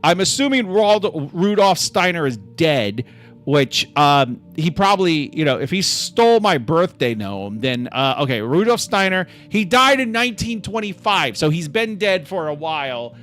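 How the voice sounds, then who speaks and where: A man's voice: fairly high pitch, sing-song, unhurried, a bit bright, soft background music. A man hosting a casual live stream, sarcastic and full of mock outrage. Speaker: livestream host.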